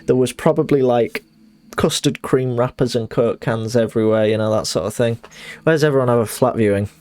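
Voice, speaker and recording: A man's voice: medium pitch, a little fast, a little mellow, no echo. A young man, chatting casually while streaming a game and telling rambling stories. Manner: rambling storyteller, acts out quotes. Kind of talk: casual chat while gaming.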